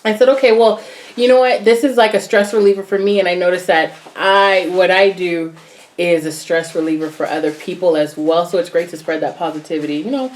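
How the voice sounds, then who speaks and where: A woman's voice: fairly low pitch, steady tone, a little fast. Young woman, bubbly vlogger, laughs a lot, casual eating chat. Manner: bubbly, laughs often, talks through bites. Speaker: vlogger host.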